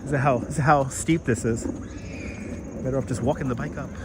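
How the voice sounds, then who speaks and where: A man's voice: medium pitch, steady tone, fairly quick, noisy background. A man hosting a casual outdoor live stream while walking, reading out and thanking viewers' comments, recorded on a wireless clip-on mic. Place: outdoors on city streets and in a park.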